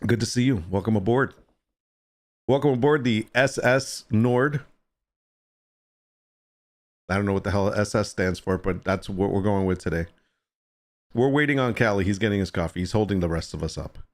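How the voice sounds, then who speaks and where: A man's voice: fairly low pitch, moderate pace, long pauses. A man hosting a casual livestream chat, joking with and teasing viewers and greeting them by name. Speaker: livestream host.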